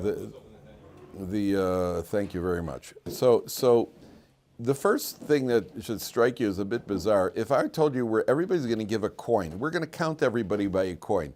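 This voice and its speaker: Rambling, joking older rabbi teaching a class. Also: male voice, fairly low pitch, mellow. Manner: rambling, many fillers and restarts, joking storyteller. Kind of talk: informal Torah class with jokes. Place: classroom with students.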